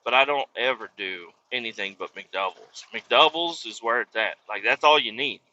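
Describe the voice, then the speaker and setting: A podcast host with a mid-range, sharp-toned voice speaks at a normal pace, spinning a rambling, profane story as a casual comedic rant. The recording is dry, dull, and lo-fi.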